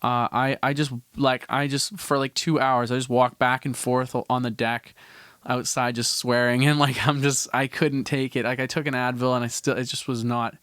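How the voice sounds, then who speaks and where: A man's voice: medium pitch, little pitch movement, normal speed, a bit bright, smooth, no room sound. Young man rambling through a story. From Canada. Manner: rambling, frequent restarts and casual swearing. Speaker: podcast host. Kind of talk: casual storytelling.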